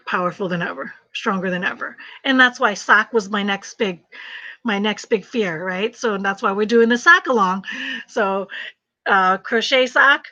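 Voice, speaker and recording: A middle-aged woman talks her way through a live crochet stream, chatty and emphatic, often repeating herself. Her voice is bright and forceful. The livestream audio is a little dull and muffled. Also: mid-range voice. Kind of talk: casual livestream chat while crocheting.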